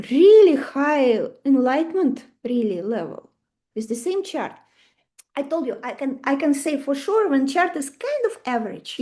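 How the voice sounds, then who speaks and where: A woman leads a live astrology lesson, quizzing her class and acting out little stories. Her voice sits high, with a soft, mellow tone. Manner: animated, asks the class questions, acts out stories. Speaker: astrology teacher.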